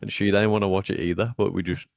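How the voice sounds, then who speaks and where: A man's voice: deep voice, quick pace, creaky, no room sound. A young man, co-hosting a podcast and telling stories in casual, sweary chat. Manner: swears a lot, animated storytelling. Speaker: podcast co-host.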